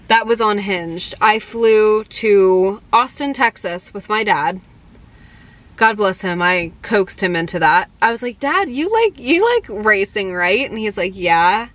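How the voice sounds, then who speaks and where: Young female vlogger, chatty and excited, casual storytelling to camera. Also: mid-range voice. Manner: excited, chatty, many "like" and "um" fillers.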